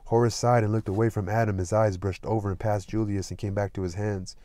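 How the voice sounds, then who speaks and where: A man narrates a classic novel in a calm, even reading voice. His tone sits low and mellow, recorded close and dry with no room sound. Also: fast, dry recording. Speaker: audiobook reader. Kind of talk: scripted narration with light character voicing.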